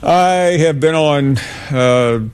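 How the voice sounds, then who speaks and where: Measured sports radio host. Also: male voice, a little high, a little mellow, clear, resonant tone. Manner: measured, with many "uh" pauses. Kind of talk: call-in sports talk.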